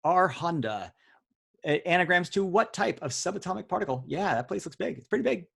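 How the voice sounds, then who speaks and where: Quiz host, male, slightly higher voice, jokey and teasing, heard over a video call. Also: expressive, brisk, vocal fry, a bit bright, slightly rough. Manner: joking, teasing, chatty. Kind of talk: hosting a live online word quiz. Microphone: video call audio.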